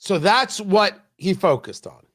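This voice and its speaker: Male talk host, high lively voice, emphatic and sarcastic, combative monologue. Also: unhurried. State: out of breath. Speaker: radio talk show host. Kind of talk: political talk radio monologue.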